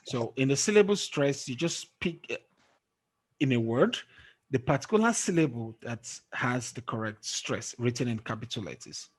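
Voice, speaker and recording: A man with a medium-pitched, slightly rough voice teaches an English lesson online at a normal speed, his intonation lively. He's patient, quizzing his students and checking they follow with a frequent "okay?" The sound comes from a screen-sharing call or recording.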